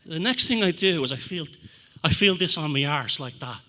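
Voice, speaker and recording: A man giving a talk to an audience, telling stories in an animated, profane way and acting out quotes. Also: fairly high pitch, moderate pace, noisy background. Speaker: speaker at a talk. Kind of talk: anecdotal public talk to an audience.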